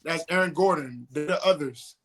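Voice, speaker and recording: A man co-hosting a casual sports talk show, explaining playoff basketball in an animated way and calling people "bro". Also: fairly high pitch, normal speed, soft background music. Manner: animated, says "bro" a lot. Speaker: podcast co-host.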